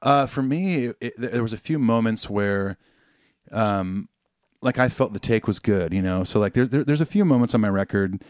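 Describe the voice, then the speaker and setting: Lower-voiced man telling studio stories. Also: expressive, normal speed, darkish tone, no echo. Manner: reflective storytelling, hesitant. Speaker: guest musician. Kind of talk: casual podcast conversation.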